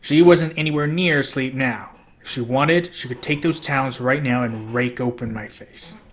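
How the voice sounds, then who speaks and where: A man's voice: mid-range voice, normal speed. Male amateur audiobook reader. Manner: steady first-person storytelling with small slips.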